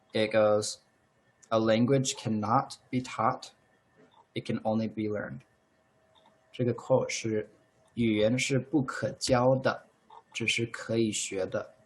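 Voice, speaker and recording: A male language teacher giving a lesson, switching between two languages and repeating each phrase slowly and patiently. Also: lowish voice, steady tone, rough recording.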